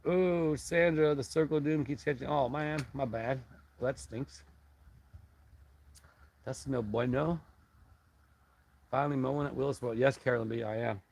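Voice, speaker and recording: A middle-aged man hosts a live stream in a relaxed, rambling way. He stops and restarts his sentences, reads out viewers' comments and chats straight back to them. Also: mid-range voice, moderate pace, vocal fry, pauses often, a little hiss or hum, poor audio.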